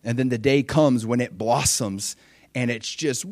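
Animated preacher man, dry sound. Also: measured pace, no echo. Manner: animated, acts out voices with high-pitched exclamations. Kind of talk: sermon.

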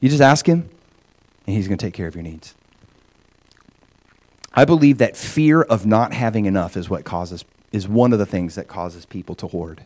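A middle-aged man preaching a sermon, animated, often acting out voices in quotes. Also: lowish voice, normal speed, pauses often. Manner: animated, acts out God's voice in quotes. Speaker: pastor.

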